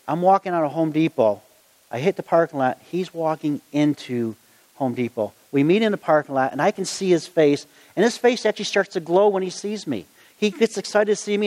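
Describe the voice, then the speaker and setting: A man's voice: on the high side, a little mellow. A middle-aged man preaching a sermon, earnest and conversational as he tells stories from his own life. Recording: long hall reverb.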